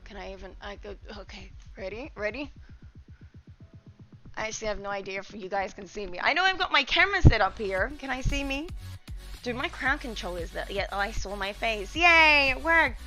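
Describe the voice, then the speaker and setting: Bright-voiced woman streamer. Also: mid-range voice, animated, normal speed, soft background music. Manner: scatterbrained and chatty, talking to chat. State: out of breath. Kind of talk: casual live-stream chat. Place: home kitchen, indoors.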